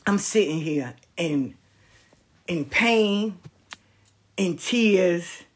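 Woman storyteller, husky voice, slow unhurried pace, casual slangy talk, emphatic. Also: lowish voice, expressive.

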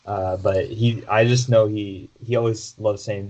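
A man with a fairly low voice talks through a sports update on a podcast. He speaks casually, with plenty of fillers and false starts as he thinks aloud. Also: flat delivery, a little slow, a little mellow, lo-fi sound. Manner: conversational, frequent fillers and restarts. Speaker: podcast co-host.

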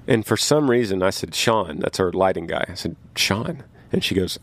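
A man who tours as a musician, telling a story in a casual podcast from his tour bus, getting animated as he recounts his confusion. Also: normal speed, dry recording. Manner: animated, rises in pitch when recounting confusion. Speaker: touring musician. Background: train passing.

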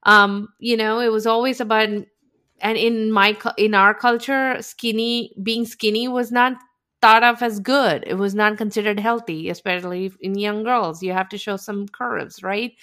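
A woman from India, co-hosting a podcast and telling stories in animated, casual chat, often laughing as she talks. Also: mid-range voice, normal speed. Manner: animated storytelling, laughs while talking. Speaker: podcast co-host.

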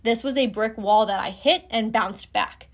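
A woman's voice: on the high side, moderate pace. A woman in her twenties frankly telling a personal story as a podcast host, casual and swearing freely.

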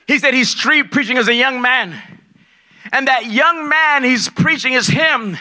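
A man preaching a sermon as pastor, loud and excitable, dropping from shouts to low asides and acting out the people in his stories. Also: unhurried. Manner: acts out dialogue in his stories. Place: large church hall at a conference.

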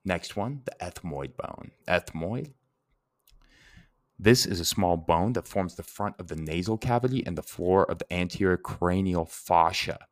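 Male podcast lecturer, very low voice, chatty and meandering, dry close mic. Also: no room sound. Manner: conversational, rambling with fillers and self-corrections. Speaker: anatomy and etymology instructor.

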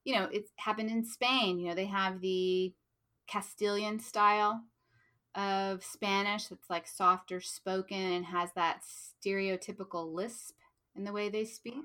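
A woman's voice: mid-range voice, steady tone, a little slow. An American woman co-hosting a podcast, explaining stories in a chatty, easygoing way. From United States. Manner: bright, chatty, laughs easily. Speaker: podcast co-host. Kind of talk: casual podcast chat.

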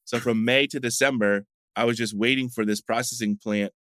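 A middle-aged American man who founded a coffee shop rambles through stories in a casual interview, chatty and heavy on fillers. His voice is medium in pitch, steady and fairly bright, and he talks briskly. There's no room sound.

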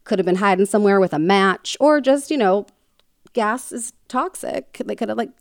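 A woman's voice: medium pitch, lively intonation, moderate pace, vocal fry, dry recording, studio quality. A woman hosting a podcast, casually retelling a true crime story with lots of fillers and joking asides. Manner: chatty, many fillers like "um" and "like", jokey asides.

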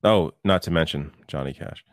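Man, very low voice, hesitant, stammers a bit, dry mic. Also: normal speed, no echo. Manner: hesitant, stammers on some words. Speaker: podcast co-host. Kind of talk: casual panel chat.

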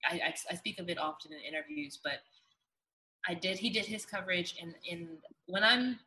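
Casting note: woman actress guest, low-pitched but bright, earnest storyteller. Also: normal speed, a little hiss or hum, poor audio. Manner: earnest, emotional storytelling with many fillers. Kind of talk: casual interview chat.

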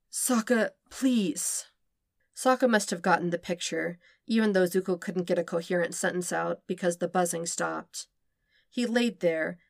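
Low, gravelly woman narrating. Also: no room sound, studio quality. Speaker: podfic reader. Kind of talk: narrating fan fiction.

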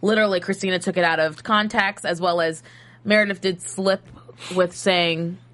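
A woman co-hosting a casual TV recap podcast, quick and emphatic, leaning on "like" as she talks. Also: lowish voice, steady tone, fairly bright tone. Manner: quick, emphatic, full of fillers like "like". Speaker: podcast co-host.

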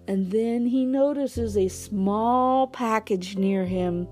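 A woman reading a children's story aloud in a slow, gentle storytelling delivery. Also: a little high, soft background music. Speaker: storybook reader.

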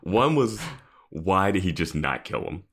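A man's voice: sits low, very animated, measured pace, fairly bright tone, husky. A man co-hosting a podcast, chatting casually with joking questions and frequent chuckles. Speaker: podcast co-host. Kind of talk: casual episode recap chat.

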